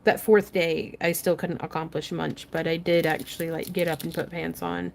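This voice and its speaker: A woman's voice: sits low, little pitch movement, moderate pace, gravelly, a little hiss or hum. A young woman hosting a casual craft tutorial livestream, chatting, laughing often and reading viewer comments aloud as she works.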